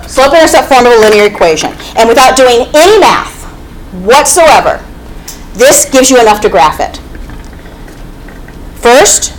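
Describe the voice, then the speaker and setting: A woman's voice: on the high side, slight background noise, poor audio. A woman teaching a math class, explaining step by step and often checking in with "okay?". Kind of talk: classroom lecture.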